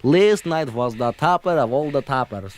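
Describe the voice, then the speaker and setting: A man's voice: mid-range voice, expressive, normal speed, darkish tone, natural voice. A man playing a fretful immigrant father with a Yiddish-inflected accent in a comedy album sketch, rambling and pleading. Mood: exasperated. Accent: Yiddish-inflected English.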